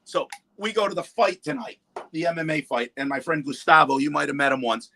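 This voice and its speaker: This livestream panelist, chatting from his East Coast home, has a gravelly, fairly high voice and a brisk pace. The audio is poor with slight background noise, and he tells stories animatedly, acting out what people said and cursing freely.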